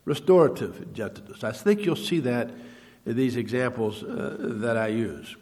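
A man's voice: mid-range voice, animated, a little mellow. Man preaching in a reverberant hall. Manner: teaching, measured, with halting fillers and repeated words. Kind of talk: sermon.

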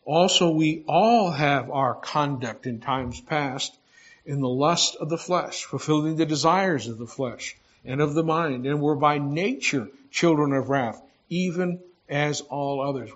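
A man's voice: fairly high pitch, measured pace, dull audio. A man preaching a sermon, reading scripture and explaining it verse by verse in a conversational way, with asides and restarts. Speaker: pastor.

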